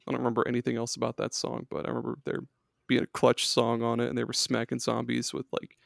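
A man in a casual podcast chat about games, talking loosely and excitably with plenty of swearing. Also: medium pitch, fast talker, gravelly, no echo, clean studio sound. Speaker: podcast co-host or guest.

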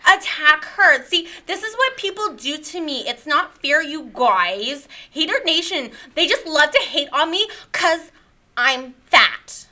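A woman's voice: sits high, lively intonation, unhurried, noisy background. A woman playing a whiny, self-pitying influencer character in an improvised comedy sketch, full of "like" and "you guys". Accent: put-on Southern drawl.

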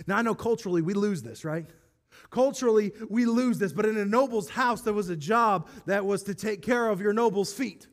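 A man's voice: high-pitched, moderate pace. A male pastor preaching a sermon in an enthusiastic, conversational way, with self-deprecating humor.

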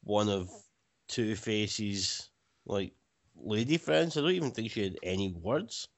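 Brief: man, unhurried delivery, lively pitch, jokey film commentary, lo-fi audio. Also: creaky. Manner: joking, laughs often. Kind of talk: casual group movie commentary. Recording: lo-fi podcast audio.

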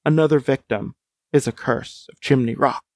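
A man's voice: medium pitch, steady tone, normal speed, creaky, darkish tone, no room sound, clean studio sound. A man reading a gamebook aloud as a podcast co-host, with wry asides and chuckles. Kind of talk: casual chat and read-aloud narration.

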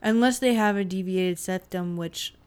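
A woman's voice: mid-range voice, normal speed, clean tone. A woman co-hosting a casual chat, opinionated and explaining singing technique in detail.

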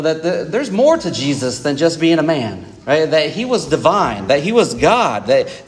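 A man delivers a sermon in a relaxed, conversational way, scattering fillers and asides to his congregation. His voice sits a bit high for a man. It carries a long reverb from the church auditorium. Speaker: preacher.

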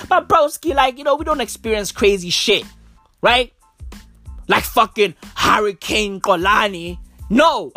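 A woman's voice: medium pitch, a bit bright. A woman hosting a podcast, ranting casually in a brash, profane, emphatic way full of slang. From South Africa. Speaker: podcast host. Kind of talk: casual rant.

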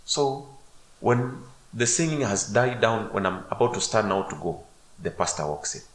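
Lowish-voiced man telling his story. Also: normal speed. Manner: animated, many fillers and restarts. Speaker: podcast guest. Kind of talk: storytelling a personal testimony. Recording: roomy echo.

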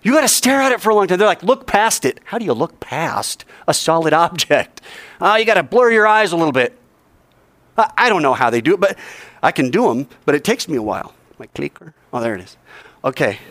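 A male teacher giving an animated classroom lecture, quizzing the class and joking as he goes. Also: a little high, fairly quick, no room sound.

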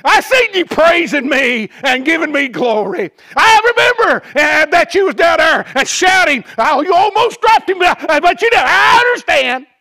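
A booming, fatherly God calls out reassurance, played by a male preacher. The voice rides high and bright with a gravelly edge, in a dry close sound. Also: big pitch swings, normal speed, hardly any pauses, no room sound, full character voice. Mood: excited. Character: God, a booming all-knowing father welcoming souls.

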